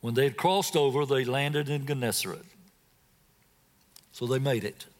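A man's voice: mid-range voice, normal speed, in a large hall. A man preaching a sermon as a guest preacher, telling a scripture story dramatically and asking his listeners direct questions. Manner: asks the congregation direct questions.

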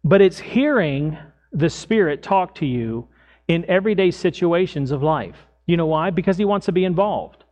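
A middle-aged man preaching as a pastor, telling everyday stories in a lively way and acting out his own lines. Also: fairly high pitch, normal speed, muffled recording. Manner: animated storytelling, acts out his own lines loudly. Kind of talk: sermon with personal stories.

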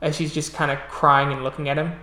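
A game master narrating a tabletop horror game slowly and deliberately. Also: medium pitch, little pitch movement, pushed and bright. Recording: echoey room.

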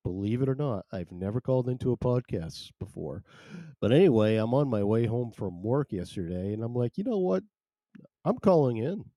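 A man's voice: on the low side, brisk, dark tone, no room sound, clean studio sound. A man hosting a casual live podcast from home, rambling and self-deprecating as he chats. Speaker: podcast host. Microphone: headphones and desk mic.

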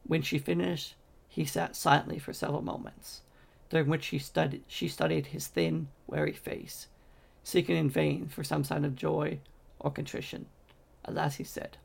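A man reading a fantasy novel aloud in a steady storytelling manner, with occasional slips and restarts. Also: on the high side, normal speed, creaky, husky. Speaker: audiobook reader.

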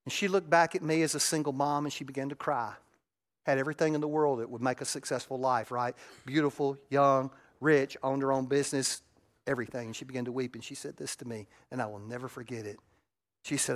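A middle-aged male pastor preaches a sermon, sharing a raw, emotional personal story that moves between loud and hushed. His voice is medium-pitched and steady, and he talks a little fast.

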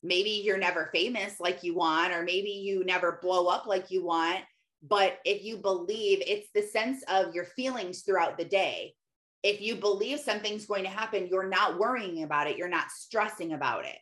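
A woman's voice: medium pitch, moderate pace, a bit bright. A mother talking casually about faith and scripture, retelling a Bible story in an easygoing way, with frequent "like" fillers. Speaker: mother sharing faith reflections. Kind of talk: casual devotional talk on scripture.

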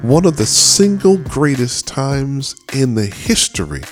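A man's voice: mid-range voice, big pitch swings, measured pace, faint music behind. A middle-aged man hosting a devotional talk, earnest, often repeating and restarting words as he speaks. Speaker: podcast host.

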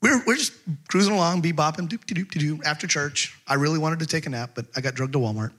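A middle-aged man preaching a sermon as pastor, telling stories with humor and slowing down to stress scripture. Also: a little high, big pitch swings, a bit bright. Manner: conversational storytelling with humor.

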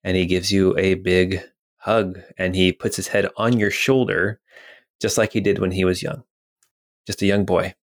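Low-voiced man running a tabletop game. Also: level tone, normal speed. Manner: rambling, many fillers and restarts. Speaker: game master.

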